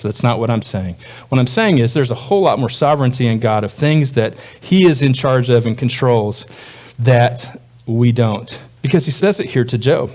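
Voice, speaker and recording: Man, pastor, conversational sermon, mid-pitched voice, quick character voices. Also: lively intonation, a little mellow. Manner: conversational, voices quoted speakers with jumps in pitch.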